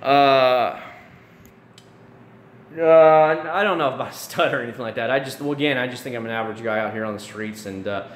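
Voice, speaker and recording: A Central Florida man in his thirties hosts a casual YouTube live stream, answering chat in a rambling way full of restarts and fillers. His medium-pitched voice moves a little fast, in an echoey room with faint background noise.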